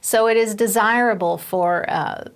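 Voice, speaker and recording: A woman's voice: medium pitch, measured pace. A woman Bible teacher giving a recorded teaching session, explaining step by step with fillers and restarts.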